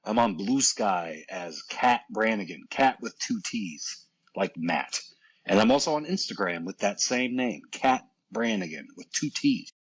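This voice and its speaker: Brief: male wrestler guest, lower husky voice with a lively, swinging delivery, rambling self-deprecating jokes. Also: unhurried, rough recording. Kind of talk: casual podcast chat.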